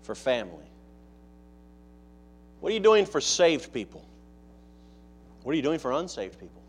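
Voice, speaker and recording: A man preaching a sermon, talking conversationally and asking the congregation many rhetorical questions, turning loud for emphasis and then dropping to quiet asides. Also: fairly high pitch, very animated, moderate pace, a little hiss or hum. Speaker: pastor.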